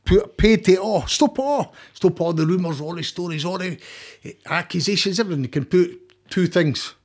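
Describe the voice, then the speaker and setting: In a casual interview chat, a middle-aged guest with a Scottish accent talks heatedly and emphatically, swearing and frequently starting over. His voice is high-pitched with a breathy edge, and he speaks a little fast.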